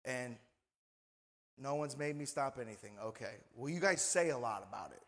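A man's voice: mid-range voice, animated, normal speed, a bit bright, long reverb tail. A male pastor preaching a sermon in a conversational manner, often asking the congregation for responses. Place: church sanctuary.

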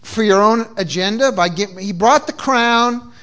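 A man's voice: sits high, unhurried, bright, forceful tone. A man preaching a sermon with call-and-response cues and frequent repeated restarts, from New England. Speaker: pastor. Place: church.

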